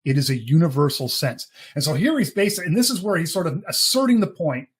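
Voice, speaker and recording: High-voiced man reading philosophy aloud. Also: animated, slightly rough. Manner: measured reading, breaks off to explain terms. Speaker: podcast co-host. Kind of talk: reading a text aloud with commentary.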